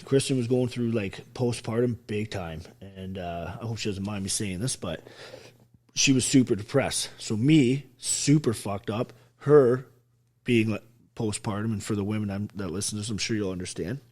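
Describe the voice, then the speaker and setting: A man's voice: lowish voice, moderate pace, darkish tone. A man from Canada, an army veteran, telling his own story as a podcast guest in a blunt, intense way and swearing constantly. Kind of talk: raw personal storytelling in a podcast interview.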